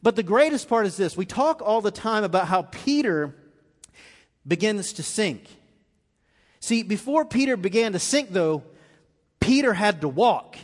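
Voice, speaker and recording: A man preaching a live sermon, his voice pitched high for a man and ringing through a large hall with a long reverb. He tells the story vividly, acting out the quoted lines and building in intensity as he goes. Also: big pitch swings, measured pace, pauses often. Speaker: pastor. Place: church auditorium.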